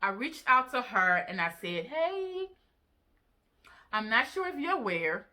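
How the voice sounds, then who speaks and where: A woman vlogger casually recounting an online exchange, animated and incredulous, with rhetorical questions to her viewers. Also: medium pitch, moderate pace. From Africa. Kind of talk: casual storytelling to camera.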